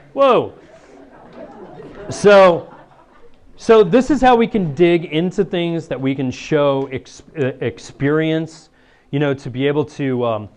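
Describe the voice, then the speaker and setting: A man, a priest, giving a lively talk to students, acting out little scenes and laughing as he goes. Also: mid-range voice. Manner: animated, acts out voices, laughs often.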